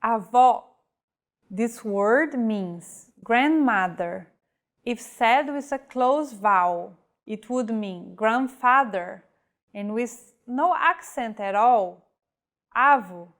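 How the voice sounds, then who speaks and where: Slow, careful woman teaching pronunciation. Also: fairly high pitch, lively intonation, a bit bright. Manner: slow, careful enunciation of example words. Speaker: language teacher. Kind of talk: scripted pronunciation lesson.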